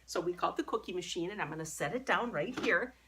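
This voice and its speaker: A woman's voice: lowish voice, lively intonation, fast talker. A woman dog trainer talking casually while she works with her dog, explaining as she goes. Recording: distant mic, faint background noise.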